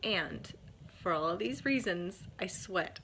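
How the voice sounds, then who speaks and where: A woman, a mom chatting casually with a bubbly, laughing, energetic manner. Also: lowish voice, slow, gravelly, a little hiss or hum. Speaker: mom sharing family tips. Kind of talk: casual chat to camera.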